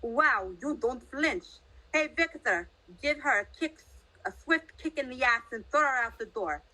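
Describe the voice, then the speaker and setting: Woman voicing a mocking male Russian crime boss, Russian accent, bright, needling tone. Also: sits high, expressive, a little slow, exaggerated voice, poor audio. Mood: amused. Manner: scoffing, mock-polite.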